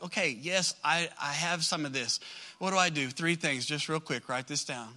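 A man preaching a sermon to a live congregation in a church. He talks to them directly and conversationally, swinging from loud emphatic outbursts to quiet soft asides. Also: on the high side, lively intonation, moderate pace. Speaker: pastor.

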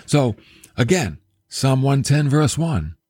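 A male podcast preacher teaching Scripture in an animated sermon style, often turning to ask the listener questions. His voice is husky and moves through a wide range of pitch. The recording is dry and close, with no room sound. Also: slow pace, no echo.

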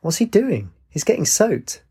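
A man's voice: sing-song, unhurried, gravelly, dark tone, breathy edge, exaggerated voice. Katie, a man voicing a keen young woman. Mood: eager. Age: young adult. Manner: raised pitch for a young woman. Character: young woman student, eager and persistent.

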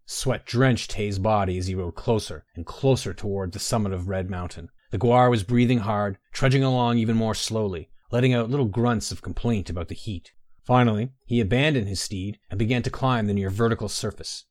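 A man narrating a fantasy story in a measured, even storytelling manner. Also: lowish voice, no echo, studio quality.

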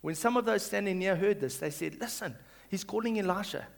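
A male pastor reading scripture and preaching, swinging between loud calls and hushed reading and leading the congregation to repeat after him. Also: high-pitched, fairly quick, creaky. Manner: leads the congregation in call-and-response.

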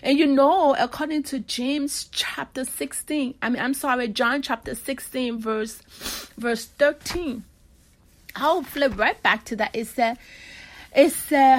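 A woman's voice: high voice, measured pace, fairly bright tone. A woman preaching a sermon, earnest and exhorting, stretching out key words for emphasis.

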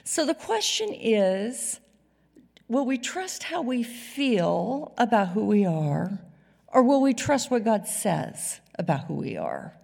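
A woman preaching a sermon to a church congregation, swinging from loud emphasis to hushed whispers. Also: on the high side, big pitch swings, slow pace, gravelly. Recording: reverberant hall sound.

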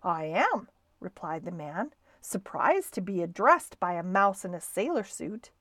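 A woman who reads a children's storybook aloud with an expressive, varied delivery. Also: lowish voice, unhurried, no room sound.

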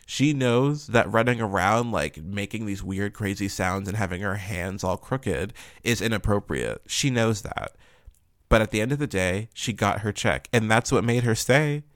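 A man's voice: lowish voice, fairly bright tone, no echo, clean studio sound. A man ranting in blunt, profane commentary, full of fillers and rhetorical questions. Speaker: commentary vlogger.

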